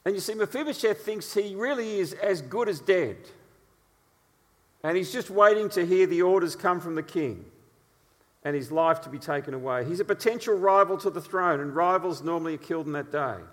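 A man preaching a sermon, telling stories in an animated way with frequent "uh" fillers. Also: sits high, moderate pace, big-room sound.

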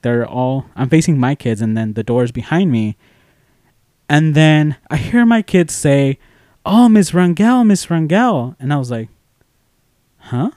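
A young man co-hosting a podcast, telling a story in casual chat, animated and swearing freely as he acts out quoted voices. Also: mid-range voice, dry recording, studio quality. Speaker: podcast co-host.

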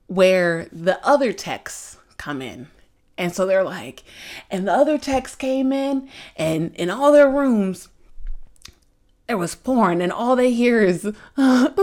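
A young adult woman hosting a podcast, chatting casually and telling candid stories, filling her speech with "like". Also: mid-range voice. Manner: chatty, candid storytelling with lots of "like". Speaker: podcast host. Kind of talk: casual chat.

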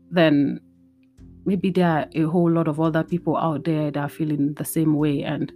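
A woman's voice: low-pitched, darkish tone. A woman hosting a casual solo podcast, tired and emotional, rambling and mixing in Yoruba phrases. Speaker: podcast host. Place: indoors at home.

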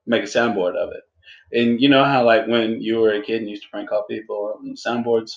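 A man's voice: on the low side, fairly even intonation, a little fast. A young man chatting casually as a podcast co-host, joking and rambling with frequent laughs. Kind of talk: casual chat. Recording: echoey room, dull sound.

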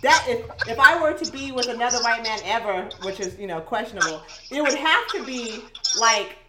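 A woman's voice: fairly high pitch, expressive, moderate pace. A woman from Eugene talking in casual chat, emphatic and reflective, with many affirmations. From Eugene, Oregon. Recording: noisy recording.

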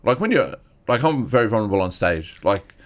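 A man's voice: lowish voice, a little fast. A young man, a stand-up comedian talking candidly and earnestly, acting out the voices of people in his stories. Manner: earnest, animated retelling with acted-out quotes. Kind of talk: candid conversational storytelling.

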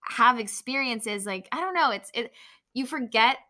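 A woman's voice: a little high, expressive, normal speed, sharp tone. A young woman in casual chat about an event, rambling with many fillers and restarts. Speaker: event panelist.

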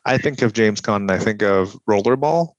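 A young man chatting on a podcast with dry, sardonic deadpan humor. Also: lowish voice, normal speed, no room sound, highs cut off. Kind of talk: casual chat.

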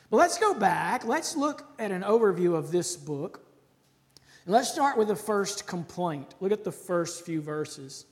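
High-voiced male preacher in a reverberant hall. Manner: dramatic scripture reading, rising loud and high on quotes, dropping soft for asides; conversational with occasional laughs and fillers. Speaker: pastor. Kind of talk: sermon.

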